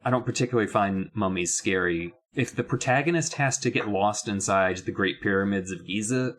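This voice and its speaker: Speaking fairly quickly in a low, slightly bright voice, this man co-hosts a laid-back podcast discussing a children's horror book. His talk wanders and restarts, punctuated by asides of pretend outrage.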